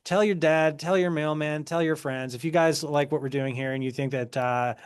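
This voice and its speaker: A man's voice: fairly high pitch, normal speed, clean tone. A man co-hosting a true crime podcast, chatting casually and joking as he reacts to viewer comments. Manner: easygoing, joking, laughs often. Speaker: podcast co-host.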